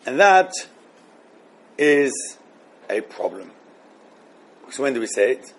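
A man's voice: medium pitch, sing-song, takes it slowly, a little hiss or hum. A man teaching a religious law class to students, thinking aloud and often repeating himself as he works through questions. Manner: thinking aloud, repeating phrases, mixing Hebrew terms.

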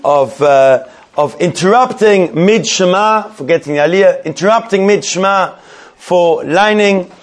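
A man teaching a Torah class who tells a story in a rapid, animated way, repeating himself and restarting his sentences often. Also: on the high side.

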